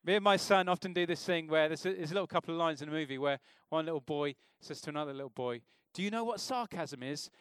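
A man's voice: fairly high pitch, fast talker, few pauses, fairly bright tone, clear, resonant tone, dry recording, clean studio sound. A man preaching an informal sermon in a church, talking conversationally and asking the congregation questions.

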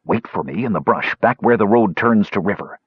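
A man voicing Flint, a gruff gray-bearded dwarf. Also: animated, fairly quick, dry recording. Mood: hushed urgent. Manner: low, hushed and urgent. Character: gruff older male hill dwarf, gray-bearded and protective. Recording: dull lo-fi, dry.

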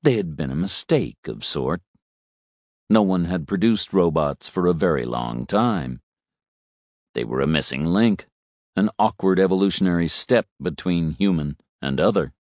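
A man narrates a story in a deep, slow voice. His delivery is expressive, with wide pitch movement. The sound is dry and close, with no room echo. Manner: slow, deliberate reading. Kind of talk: scripted narration.

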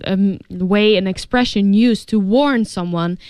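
A woman's voice: mid-range voice, unhurried, a little mellow, clear, resonant tone, dry recording. A young woman co-hosting a radio English lesson in a studio, chatting casually and saying "like" a lot. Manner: chatty, fills speech with "like". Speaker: co-host reading a story and explaining English words. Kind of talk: casual radio teaching chat.

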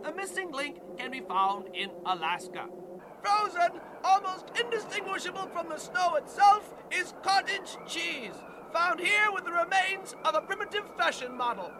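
A mock-solemn nature documentary narrator in a comedy parody, speaking in a very high voice. He intones each line with grave seriousness. The recording carries a clear hiss of noise. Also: expressive, normal speed.

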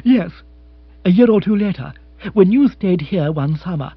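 A man voicing a brisk, practical young woman, lifting his voice high and lively. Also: slightly rough, no room sound, exaggerated voice. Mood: amused, frank. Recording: dry, slightly dull audiobook.

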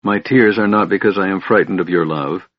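A man voicing a shy, sorrowful young elven woman who speaks softly and low, on a dull dry recording. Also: a little fast, breathy edge, no echo. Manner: soft, low-voiced.

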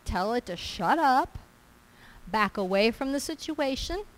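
Emphatic woman preacher, higher voice. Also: expressive, a little slow, low-quality recording. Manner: emphatic, repetitive, conversational preaching. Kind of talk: sermon.

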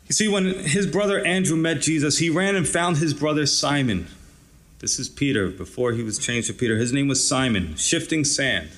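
A pastor preaching a conversational, encouraging sermon, often adding "you know" and "right". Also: male voice, mid-range voice, a bit bright.

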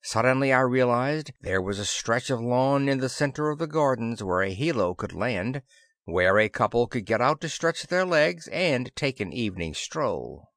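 Lively male audiobook narrator, dry sound. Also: mid-range voice, moderate pace, no echo. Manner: lively first-person storytelling, voices characters. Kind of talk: scripted narration.

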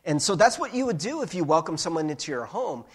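A male preacher with a high voice that leaps up and down as he talks. He preaches in an animated, playful way and sounds engaged with the room. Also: quick pace, breathy edge. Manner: animated and playful, with laughs and sung bits. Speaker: pastor. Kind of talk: sermon.

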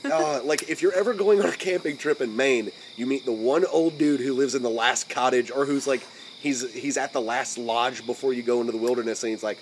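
An American man with a General American accent hosting a podcast in casual chat. He rambles, restarts often, and fills his talk with "like", and his voice jumps high when he is amused. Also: a little fast, slight background noise, poor audio. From United States. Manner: rambling, many restarts and "like" fillers. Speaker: podcast host.

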